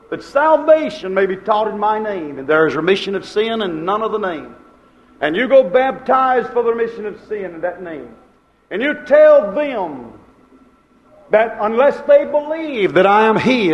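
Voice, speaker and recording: A male preacher delivering a sermon with emphatic, repetitive phrasing and sudden swings between soft and loud delivery. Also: high-pitched, lo-fi sound.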